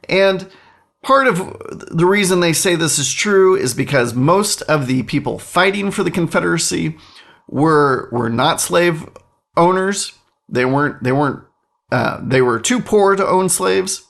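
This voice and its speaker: A middle-aged man who hosts a podcast speaks his mind with indignant force, and his pitch swings widely. His talk is loose and unscripted, with words repeated as he hunts for the next phrase. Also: lively intonation, normal speed, gravelly, a bit bright. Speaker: podcast host. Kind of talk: casual opinion monologue.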